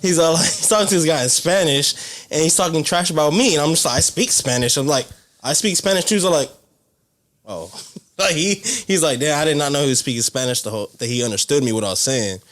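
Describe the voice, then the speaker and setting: A man's voice: fairly high pitch, quick pace, fairly bright tone. A young man on a casual podcast, telling a work story in a laid-back way. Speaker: podcast co-host.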